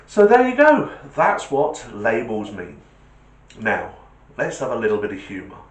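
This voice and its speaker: A man's voice: mid-range voice, huge pitch swings, measured pace, echoey room. A man hosting a casual explainer video, chatty and joking, with rambling asides. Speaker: host.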